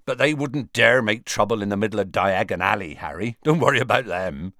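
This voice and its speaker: A man's voice: lowish voice, lively intonation, brisk, sharp tone, dry recording. A man voicing a huge, good-natured giant of a man who talks in an easygoing, unconcerned way, in a dry recording.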